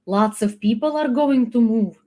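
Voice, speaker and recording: A woman putting on an exaggerated Eastern European accent in a mocking, drawn-out parody of a woman. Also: warm tone, close to an everyday voice. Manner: mocking, drawn-out, higher-pitched.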